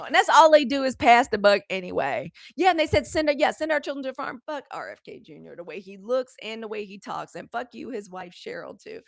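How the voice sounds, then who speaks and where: A woman's voice: mid-range voice, creaky, dry recording, studio quality. A woman hosting a live news commentary show. She talks casually and bluntly, with profanity, and speaks straight to her viewers. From United States.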